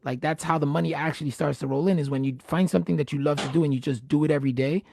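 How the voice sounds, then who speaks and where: A man with a somewhat high voice and a gravelly edge talks animatedly as the host of a casual live-streamed chat. He often doubles words when he gets going. The sound is dry and close, with no room around it. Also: fairly even intonation, racing, a little mellow, dry recording.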